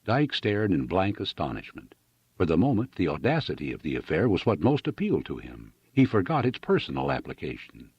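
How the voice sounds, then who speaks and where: A man narrates a novel with expressive, dramatic reading. His voice is low and husky, moving lively up and down. The recording is dry and dull. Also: brisk, no room sound. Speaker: audiobook narrator. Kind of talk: scripted narration.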